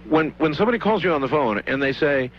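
A man's voice: a little high, lively intonation, fast, slight background noise. A male radio talk show host asking curious, probing questions in an interview. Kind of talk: late-night radio interview. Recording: dull lo-fi radio broadcast.

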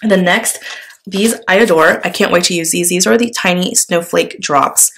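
A woman's voice: fairly low pitch, normal speed, creaky, husky. Gushing woman in a chatty sticker haul. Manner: gushing, enthusiastic, with frequent fillers and soft laughs. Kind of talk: casual chatty show-and-tell.

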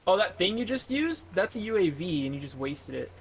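A man's voice: high-pitched, big pitch swings, a little fast, slight background noise. A laid-back man chatting with friends during an online game, giving tips and asking for gear. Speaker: gamer. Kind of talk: casual game chat.

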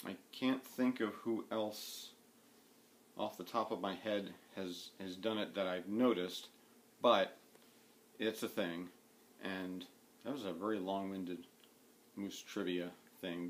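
In a low-pitched voice, a man chats to camera from home about his hobbies, needlework among them. He rambles, fills gaps and starts over often, and there's slight background noise.

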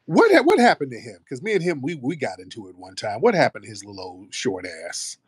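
A man's voice: mid-range voice, sing-song, fast, breathy edge, dry recording. Brash, profane American man hosting. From United States. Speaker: host of a live audio space. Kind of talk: casual live chat.

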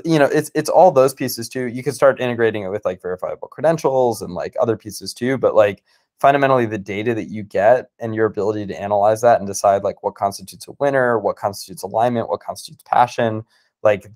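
A man's voice: on the low side, darkish tone. A man, a startup founder, explaining his ideas in casual conversation on a video call, enthusiastic and full of "like" fillers. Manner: fast, filler-heavy, enthusiastic with frequent "like". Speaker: startup founder, guest speaker.

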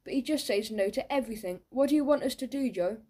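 Dim, pushy schoolyard bullies, put on by a woman reading a children's audiobook, blunt and slow-witted. They push on in a raised, insistent pitch over a mellow, dark tone. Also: husky.

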